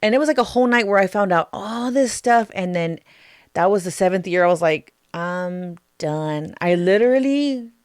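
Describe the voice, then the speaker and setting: A young woman, co-hosting a podcast and telling a personal story in animated, profane casual chat, acting out quotes. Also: mid-range voice, a little fast, no echo, clean studio sound. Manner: animated, swears freely, acts out quotes. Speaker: podcast co-host.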